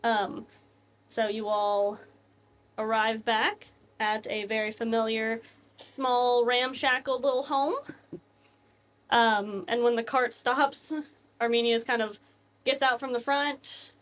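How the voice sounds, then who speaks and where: A woman's voice: on the high side, flat delivery, slow, long pauses, fairly bright tone. A woman running a tabletop game as game master, chatty and giggly with lots of hesitations.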